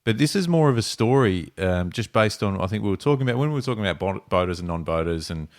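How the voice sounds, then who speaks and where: A man's voice: on the low side, animated, fast. A man hosting a podcast, rambling and laughing in casual chat. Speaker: podcast host.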